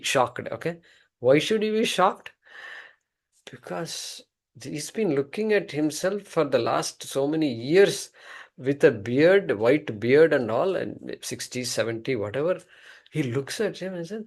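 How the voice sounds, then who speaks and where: Man, teacher, animated storytelling, fairly high voice. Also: unhurried, pauses often. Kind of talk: storytelling in a scripture class.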